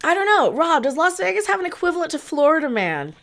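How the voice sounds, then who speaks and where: A woman's voice: extremely high pitch, big pitch swings, quick pace, fairly bright tone. A woman co-hosting a casual livestream, giggly and scattered, thinking aloud. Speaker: livestream co-host.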